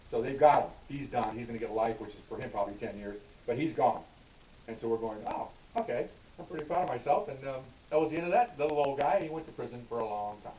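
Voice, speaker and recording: Older man, retired cop storyteller, quick talker, chatty asides, roomy distant lo-fi recording with faint hiss. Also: fairly high pitch. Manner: conversational, acts out dialogue, frequent "okay?" asides. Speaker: retired police officer telling stories. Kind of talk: casual anecdote storytelling.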